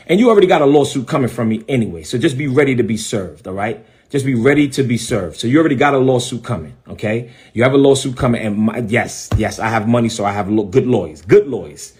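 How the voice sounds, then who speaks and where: On a live stream, a middle-aged bishop and preacher rants defiantly, repeating phrases for emphasis. His voice is mid-range with a darkish tone.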